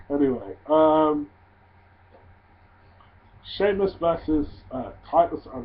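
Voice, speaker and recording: A man casually reviewing a wrestling show, swearing freely and ranting in loud disbelief. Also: medium pitch, moderate pace, long pauses. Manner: profane, ranting, gets loud and incredulous. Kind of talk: casual solo review vlog. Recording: tinny phone-like audio.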